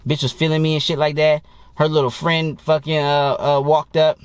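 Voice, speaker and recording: A dating coach talking to camera in a blunt, profane and boastful way, in a casual monologue. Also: male voice, fairly high pitch, level tone, moderate pace, clear, resonant tone, no room sound.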